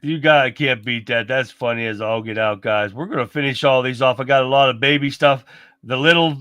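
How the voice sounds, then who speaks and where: A man's voice: mid-range voice, bright, forceful tone, smooth, dry recording, studio quality. A man hosting a casual livestream, chatting folksily with his audience and often calling them "guys". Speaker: livestream host.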